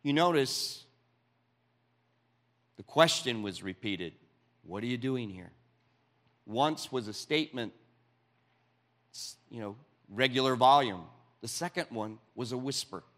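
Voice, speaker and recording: A man preaching a sermon, reading scripture aloud with dramatic pauses and quiet asides. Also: medium pitch, expressive.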